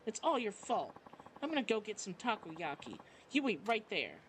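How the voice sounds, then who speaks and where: A man's voice: high-pitched, big pitch swings, normal speed, a bit bright, a little hiss or hum, low-quality recording. A man reading a game aloud, voicing a vain young female idol rival with a haughty, taunting manner. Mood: petulant. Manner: haughty, taunting, self-important. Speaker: let's play narrator.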